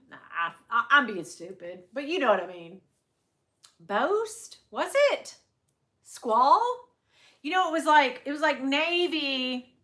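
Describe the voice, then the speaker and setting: A woman's voice: high-pitched, animated, slow pace, long pauses, sharp tone. A middle-aged woman hosting a casual livestream, chatting and rambling with her viewers and laughing often. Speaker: livestream host. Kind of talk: casual chat with live viewers.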